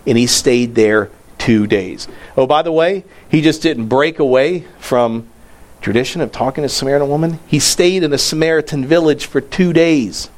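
A male pastor preaching a casual, story-driven sermon, acting out the people he quotes, his voice leaping up and then dropping low. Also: normal speed. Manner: animated storytelling, voice jumping high and dropping low.

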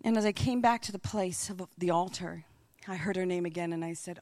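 A middle-aged woman giving a preached testimony, animated, moving between emphatic lines and hushed ones. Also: lowish voice, a little fast. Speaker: church staff member giving testimony. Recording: long reverb of a large hall.

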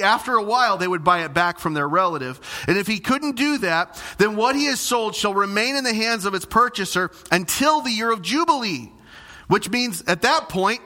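A middle-aged man preaching a sermon as pastor, animated and dramatic, with big swings in his delivery. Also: high voice.

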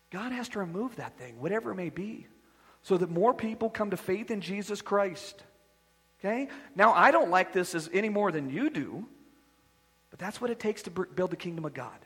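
High-voiced, husky preaching man. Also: in a large hall. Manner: emphatic preaching, swinging from quiet asides to loud declarations. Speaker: pastor. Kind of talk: sermon.

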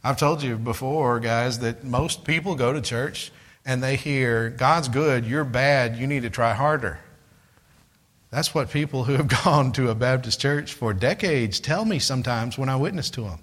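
At a normal pace and in a medium, fairly bright voice, a man delivers a conversational sermon to listeners he calls "guys." He shares street witnessing stories and acts out what others said in quotes.

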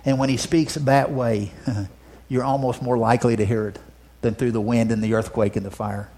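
A man's voice: medium pitch, steady tone, normal speed. Emphatic preacher man. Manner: swings from loud emphatic declarations to soft hushed asides; repeats words and restarts phrases. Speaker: pastor. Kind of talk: sermon.

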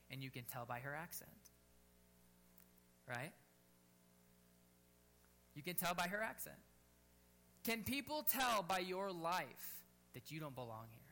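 A man preaching a sermon at a church service, fervent and urging, dropping to a quiet, gentle tone to lead prayer. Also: mid-range voice. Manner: fervent, rising to near-shouts on bold exhortations, then quiet and gentle in prayer. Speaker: pastor.

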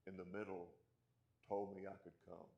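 A man voicing a simple thief who answers in quiet, bare words, in an echoey room. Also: low voice, level tone, moderate pace, creaky, muffled recording, pitched below the performer's own voice. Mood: plain. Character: plain, simple dying thief, unknowing.

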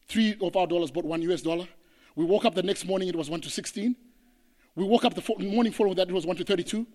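Man from zimbabwe, pastor, impassioned sermon, loud then hushed, high-pitched, reverberant hall.

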